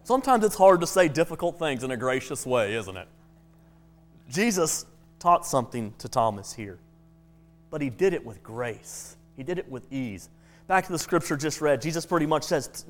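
Male preacher for a class talk, pitched high, lively and repetitive in delivery. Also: brisk. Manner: animated, with frequent repeated-word restarts. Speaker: preacher teaching a Bible class. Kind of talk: classroom sermon with storytelling.

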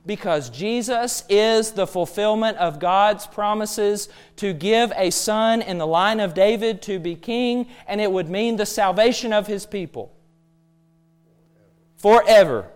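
A man's voice: sits high, measured pace, hardly any pauses, clean tone. A man preaching a sermon, emphatic and full of rhetorical questions.

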